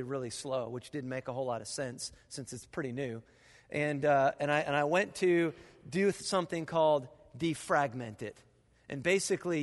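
A man preaching a sermon as pastor, telling stories with animated sound effects in a church auditorium. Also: fairly high pitch. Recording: long reverb of a large auditorium.

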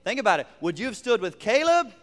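A man preaching a sermon as pastor, building through emphatic repeated phrases and then dropping to near-quiet asides. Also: sits high, big pitch swings, fast talker, long reverb tail. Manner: preaching with rising emphatic repetition and sudden quiet drops.

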